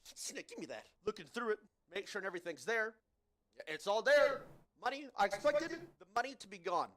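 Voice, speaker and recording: A man's voice: sits high, a little fast, roomy sound. A young man telling a story as a podcast host, casual and profane, exasperated, calling listeners "bro.". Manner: profane, animated, exasperated, says "bro" often.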